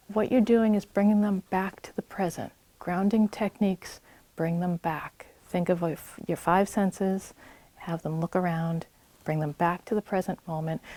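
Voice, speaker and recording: In a public library meeting room, a woman with a New England accent delivers a health talk, giving direct advice in an earnest, reassuring way. Her low, dark voice is captured clean, with no room sound.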